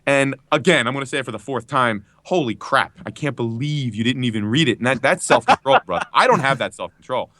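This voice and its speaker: Animated actor with bright, dry voice. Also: male voice, medium pitch, no echo. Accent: trained-out Philadelphia, standard American Midwestern style. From Philadelphia area. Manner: animated storyteller, laughs often, quick asides. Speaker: guest voice actor. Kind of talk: casual podcast chat.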